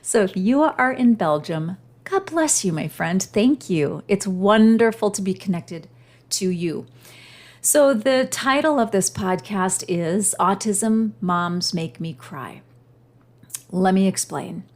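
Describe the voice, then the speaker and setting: A woman's voice: medium pitch, lively intonation, slow pace, darkish tone. Heartfelt middle-aged woman podcast host. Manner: heartfelt, storytelling, gets emotional. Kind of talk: personal podcast monologue.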